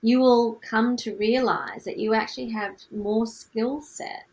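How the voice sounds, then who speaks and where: Gravelly-voiced Australian woman coaching. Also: on the high side, measured pace, few pauses, low-quality recording. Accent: light Australian. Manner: energetic, asks many rhetorical questions. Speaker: music business coach. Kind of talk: teaching to camera.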